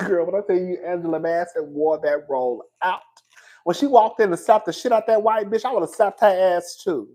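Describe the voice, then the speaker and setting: Sounding high-pitched yet dark in tone, a man gossips about celebrities at a moderate pace on a low-quality recording. His chatter is sassy and full of profanity, punctuated by frequent laughs, and he addresses his audience as "girl."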